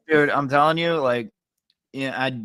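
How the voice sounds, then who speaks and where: Low-voiced laid-back podcast host man. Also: normal speed, fairly bright tone, no room sound. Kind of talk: casual chat.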